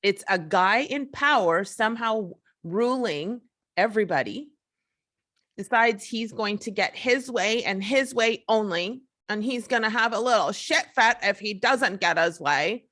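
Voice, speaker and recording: A woman's voice: mid-range voice, lively intonation, a little slow, a bit bright. A woman hosting a solo podcast, ranting in a frustrated, emphatic, profane way. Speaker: podcast host. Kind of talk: casual solo podcast rant.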